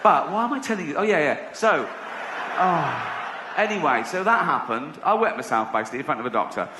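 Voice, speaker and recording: A man's voice: a little high, sing-song, brisk, reverberant, noisy background. A middle-aged English man doing stand-up, rambling and self-deprecating, often laughing at his own jokes. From England. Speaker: stand-up comedian. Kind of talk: stand-up comedy routine. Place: theater stage with audience.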